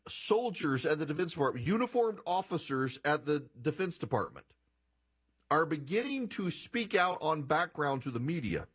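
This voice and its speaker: A man hosting a political radio talk show, with a voice pitched a little high for a man. He reads passages aloud and breaks off into sarcastic, incredulous commentary. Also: breathy edge.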